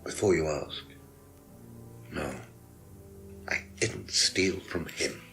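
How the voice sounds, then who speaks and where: Smug teacher suspect in a video game, super deep gravelly voice, talks down to everyone. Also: male voice, slow, fairly bright tone, soft background music, heavily acted. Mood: evasive. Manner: condescending, evasive. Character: smug middle-aged male teacher under suspicion. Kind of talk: full-motion video game acting.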